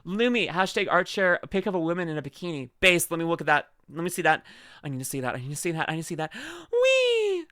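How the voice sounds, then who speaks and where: A woman's voice: fairly low pitch, lively intonation, fast talker, a bit bright, dry recording, clean studio sound. A young adult woman streamer chatting casually and playfully, often laughing as she reads chat aloud. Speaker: VTuber streamer.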